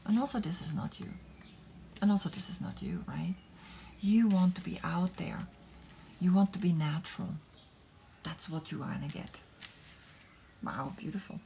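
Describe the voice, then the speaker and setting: A woman reads tarot in a soft, encouraging voice that often sinks into a whisper. Her tone is mellow and lowish, and she takes her time with every phrase. A faint hiss sits under the voice. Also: vocal fry. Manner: gentle, encouraging, with frequent tag questions. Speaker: tarot reader. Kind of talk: tarot reading with guided meditation.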